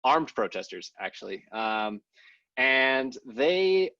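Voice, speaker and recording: A man's voice: mid-range voice, sing-song, slow, pushed and bright, no echo. A man talking politics on a podcast he co-hosts, rambling and hedging with lots of fillers. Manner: rambling, many fillers and hedges. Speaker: podcast co-host. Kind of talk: casual political discussion. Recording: dull lo-fi sound.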